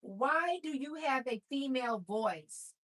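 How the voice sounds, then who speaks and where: Her voice is high and she takes things slowly as she runs a relaxed cooking livestream. Animated stories fill the stream, and she chats with viewers, referring to them as "you guys."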